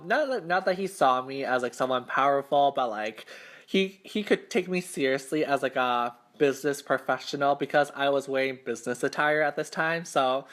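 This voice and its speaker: A young man hosts an eating show, his voice on the high side and a little bright. Between bites he tells a casual story, rambling and full of filler words, sounding self-conscious and embarrassed.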